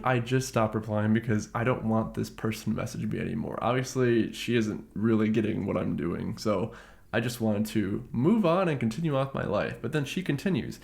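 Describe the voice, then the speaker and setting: A man vlogging, retelling a frustrating exchange in an exasperated, incredulous way, his voice jumping higher in outbursts. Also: normal speed, gravelly, darkish tone. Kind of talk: storytelling vlog.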